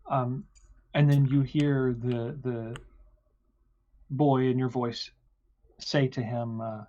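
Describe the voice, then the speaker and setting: A man narrating a tabletop game as game master, pausing often with fillers. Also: medium pitch, little pitch movement, darkish tone. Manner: halting, many fillers. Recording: dull lo-fi sound.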